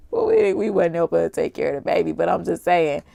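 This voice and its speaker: A young adult woman hosting a casual livestream, chatty and animated, talking straight to her viewers in slangy asides. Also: lowish voice, fairly quick, creaky, dry recording. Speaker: livestream host.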